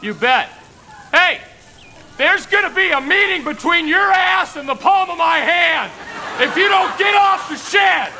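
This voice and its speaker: Suburban dad, very high and yelling,, sketch-comedy clip buried in noise. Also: male voice, lively intonation, a little slow, crowd noise. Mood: bellowing neighborly. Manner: shouting threats, then chatting casually. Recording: noisy comedy clip with loud studio audience.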